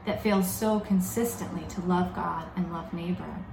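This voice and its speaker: Woman giving a sermon, calm and thoughtful, slows on the big words, echoey room w/ faint hum behind. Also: fairly low pitch, vocal fry. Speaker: preacher.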